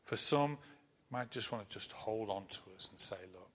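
A man preaching a sermon in an earnest manner, repeating phrases and dropping to a soft, comforting tone. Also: fairly low pitch, normal speed. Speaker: pastor.

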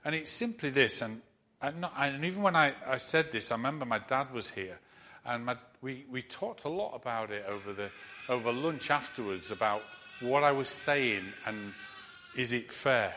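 Bright-voiced male preacher. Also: medium pitch, normal speed, a little hiss or hum. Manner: conversational, animated storytelling with asides. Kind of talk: storytelling sermon.

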